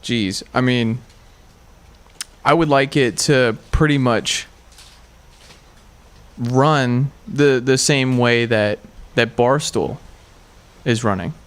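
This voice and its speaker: A man on a casual podcast giving halting, hesitant answers. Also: mid-range voice. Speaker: podcast guest. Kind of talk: casual chat.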